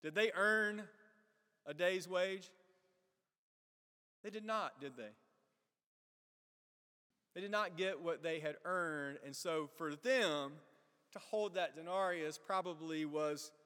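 Pastor preaching in an echoing hall. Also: male voice, high-pitched, slow pace, long pauses, fairly bright tone. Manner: asks the congregation questions and acts out characters. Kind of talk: sermon.

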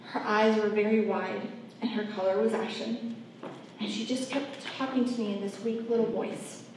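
In a mellow, steady, mid-range voice at a moderate pace, a woman gives an earnest personal testimony of faith, speaking straight to her audience. The room is echoey, the mic distant, and faint noise sits in the background.

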